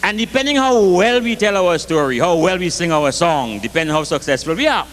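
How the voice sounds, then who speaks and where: Male storyteller, animated rhythmic delivery, high-pitched, light noise floor. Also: fairly quick. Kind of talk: live comic storytelling.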